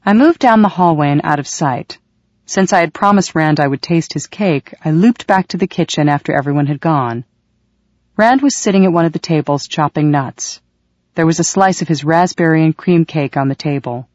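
A woman's voice: low voice, moderate pace, darkish tone, no room sound, lo-fi sound. A woman reading a first-person novel aloud, lingering vividly on sensations and feelings. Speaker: audiobook narrator.

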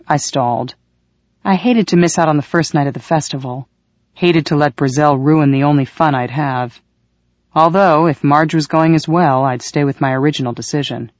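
A woman's voice: deep voice, moderate pace, no room sound, muffled recording. A woman reading a first-person novel aloud, lingering vividly on sensations and feelings. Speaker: audiobook narrator.

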